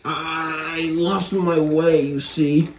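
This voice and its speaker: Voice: medium pitch, steady tone, very slow, slight background noise. A narrator doing a stammering frightened lorry. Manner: stammering, pleading. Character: rude male motor lorry, now scared and sorry. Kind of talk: storybook reading.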